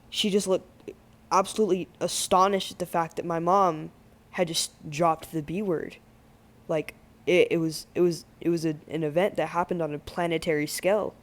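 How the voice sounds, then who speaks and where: Slangy young man telling a storytime. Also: high-pitched. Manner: slangy, swears freely, lots of "like"; animated, exaggerated retelling. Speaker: gaming channel host. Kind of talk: casual storytime.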